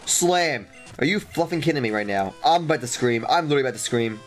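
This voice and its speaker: A man hosts a let's play, delivering excitable, jokey gameplay commentary full of exclamations and repetition while faint guitar music plays underneath. His voice sits in the mid-range, and he talks fast.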